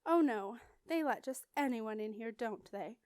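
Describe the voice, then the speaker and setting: Female narrator as a snooty noble girl, sneering, higher and louder, dry sound. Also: animated, measured pace, clean tone, no room sound. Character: snobbish noble girl, scornful.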